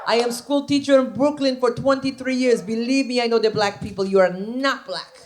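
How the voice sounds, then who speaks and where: A woman voicing a disapproving older retired schoolteacher who speaks slowly and condescendingly. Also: on the high side, a little hiss or hum, lightly acted.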